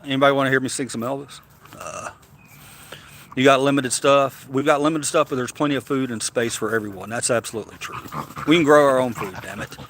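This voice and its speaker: A man with a medium-pitched, fairly bright voice talks a little fast over slight background noise. He hosts an easygoing livestream from Tennessee in a Southern accent, chatting and taking comments in a rambling style marked by stammered restarts.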